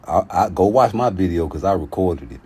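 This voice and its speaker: Animated, profane boxing commentator. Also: male voice, deep voice, a little fast, breathy edge. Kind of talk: casual commentary vlog.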